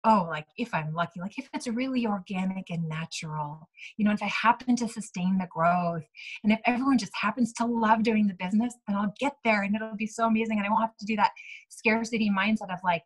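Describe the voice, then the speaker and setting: Chatty, breathy-voiced woman. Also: medium pitch, fairly quick, rough recording. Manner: chatty, lots of "like" and "right?", acts out quoted dialogue. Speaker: team leader speaking to her sales team. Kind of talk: motivational talk to a team.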